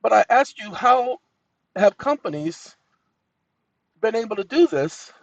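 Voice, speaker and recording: A man with a rather high voice hosts his own channel, talking straight to viewers in a folksy, animated way. He barks short commands at a voice assistant and dictates questions to it. The sound is dry and close, with no room around it. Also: unhurried, vocal fry, no echo, dull audio. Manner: animated, scolding, commanding interjections; folksy, addresses audience as y'all. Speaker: channel host.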